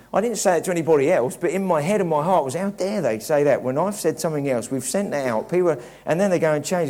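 A man's voice: on the high side, fairly quick, darkish tone. A man preaching a conversational, reflective sermon, often restarting his sentences. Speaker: pastor.

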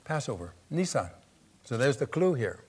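A male preacher delivering a sermon, talking easily and stopping to check that the audience is following. When he reads scripture his voice climbs and gets louder and more emphatic. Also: medium pitch, sing-song, normal speed, slightly rough. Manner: conversational, asks the audience questions.

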